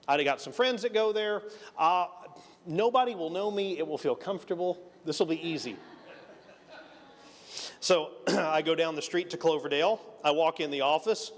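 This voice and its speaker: A man's voice: on the high side, normal speed. A middle-aged Texan man preaching a conversational sermon, telling a personal story and acting out the dialogue with self-deprecating humor. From Texas. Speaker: pastor. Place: church sanctuary. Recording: church hall reverb.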